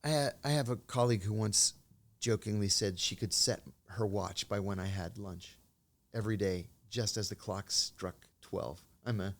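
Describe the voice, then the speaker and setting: A middle-aged man, a former intelligence officer, telling measured anecdotes as an interview guest. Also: on the low side. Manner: measured anecdotal storytelling, acts out quoted dialogue. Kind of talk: storytelling in an interview.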